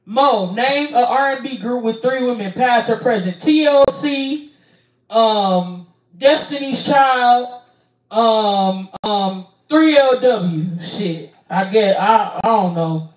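A woman's voice: on the high side, slow pace. A young woman streamer answering viewer questions in a casual, blunt, profane way, stalling with lots of ums. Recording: roomy sound, distant from mic.

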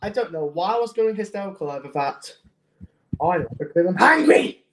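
A woman streaming and chatting casually, breaking into excitable, hysterical shouting. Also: medium pitch, fairly quick, far from the mic. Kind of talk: casual live-stream commentary. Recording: roomy echo, faint noise.

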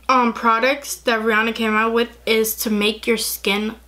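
A young woman chatting excitedly through a casual makeup tutorial, gushing over the products. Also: fairly high pitch, unhurried. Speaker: beauty vlogger.

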